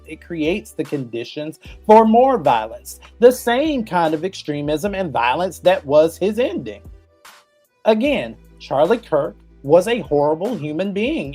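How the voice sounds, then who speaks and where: A man's voice: a little high, a little mellow. Blunt, profane man ranting as host. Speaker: podcast host. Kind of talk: opinion rant.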